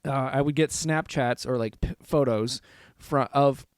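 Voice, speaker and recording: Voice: mid-range voice, a little slow, smooth, dry recording. A podcast host chatting casually, telling stories with lots of "yeah"s and laughter.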